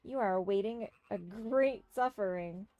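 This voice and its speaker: A woman voicing a mystic frog sorceress who slips into ribbits, speaking slowly and in a hushed voice. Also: mid-range voice, lo-fi sound, close to an everyday voice. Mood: mystical. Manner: croaks ribbits, slow and hushed.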